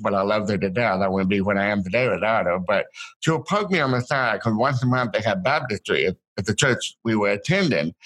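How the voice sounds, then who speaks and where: A man telling stories from his childhood as an interview guest, in halting bursts with many restarts and repeated words. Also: fairly low pitch, a bit bright, rough recording. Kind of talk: casual storytelling.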